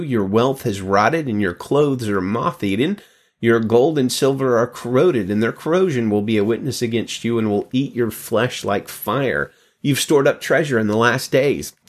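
A man hosting a devotional, reading Bible passages aloud and commenting on them in a conversational tone with joking, self-deprecating asides. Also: fairly low pitch.

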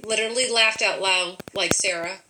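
A woman telling a personal story in a frank, animated way, acting out her own thoughts as she goes. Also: medium pitch, moderate pace, background noise. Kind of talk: casual storytelling.

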